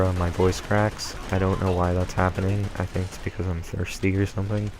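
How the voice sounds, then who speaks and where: A man's voice: deep voice, level tone, a little fast, hardly any pauses. A man giving casual gameplay commentary, rambling through tangents with lots of ums and uhs. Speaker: let's play gamer. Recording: home mic with clear background noise.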